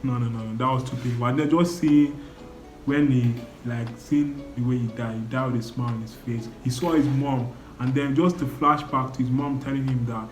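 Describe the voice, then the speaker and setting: A man's voice: medium pitch, steady tone, normal speed. A young man gushes through a casual spoken review, swinging into exclamations and strings of "no, no, no". His voice sits in a middle register and rings in a roomy, echoey space. Faint music plays behind him. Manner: emotional, exclamatory, repeats "no, no, no". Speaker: anime reviewer.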